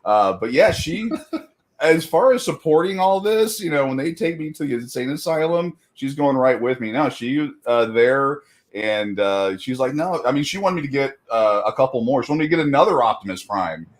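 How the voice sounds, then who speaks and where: A man's voice: medium pitch, animated, moderate pace. A middle-aged man in casual chat as a guest, talking loosely with many fillers and frequent laughs.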